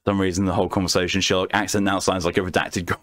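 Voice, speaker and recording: A man streaming a game late at night, chatting calmly with his chat and answering messages in a soothing tone. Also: deep voice, racing, no echo, studio quality. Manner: calm, soothing voice meant to lull viewers to sleep.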